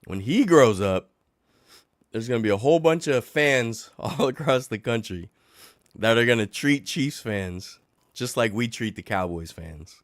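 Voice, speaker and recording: A middle-aged man, sick and coughing, ranting in a casual livestream chat, sarcastic and animated. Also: lowish voice, dry recording, studio quality. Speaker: livestream host.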